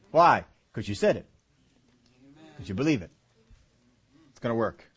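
A man preaching a sermon, reading scripture aloud and breaking into animated, laughing asides. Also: mid-range voice, slow, breathy edge.

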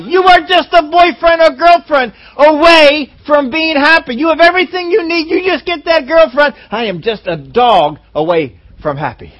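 A man preaching a sermon in an animated way, acting out voices in his stories, on a dull lo-fi recording. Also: very high-pitched. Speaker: pastor.

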